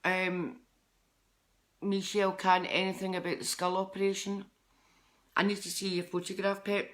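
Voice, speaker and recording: A woman's voice: medium pitch, little pitch movement, normal speed. A middle-aged Scottish woman, a psychic medium, chatting with viewers on a live stream in a rambling, chatty way. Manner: chatty, rambling, jumps between topics.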